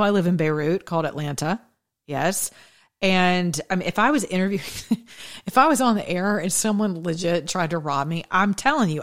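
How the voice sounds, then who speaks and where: A woman hosting an opinion podcast, talking in a sarcastic, combative way and laughing often. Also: on the low side. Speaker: podcast host. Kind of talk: opinion monologue.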